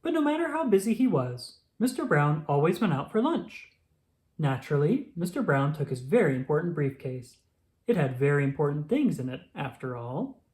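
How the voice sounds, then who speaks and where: A woman reading a children's picture book aloud, expressive and slow. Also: sits low. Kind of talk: storybook read-aloud.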